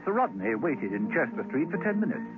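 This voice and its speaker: A man narrating a radio spy drama in wry, measured storytelling. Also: a little high, sing-song. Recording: tinny radio broadcast with music.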